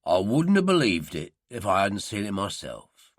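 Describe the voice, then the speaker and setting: Blunt older gangster, put on by a male narrator, lively pitch. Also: moderate pace, no echo, clean studio sound. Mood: gruff.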